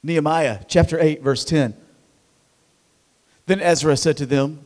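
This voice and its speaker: A high-pitched man in his thirties preaches to his church with lively, conversational energy. He stumbles and repeats himself as he gets going. His voice rings with the long reverb of a large hall. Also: measured pace. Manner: energetic, conversational, repeats words when excited. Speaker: pastor. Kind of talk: sermon.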